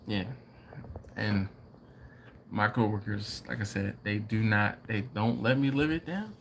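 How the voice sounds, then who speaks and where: A man hosting a live barbecue stream, chatting casually with viewers and acting out people in a story in a high mimicking voice. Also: big pitch swings, measured pace, gravelly, pauses often, slight background noise. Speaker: host of a live BBQ show.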